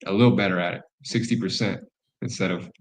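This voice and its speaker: A man's voice: deep voice, fairly even intonation, quick pace, low-quality recording. A man hosting a podcast, talking in a casual, open way and swearing freely. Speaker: podcast host. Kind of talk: candid podcast conversation.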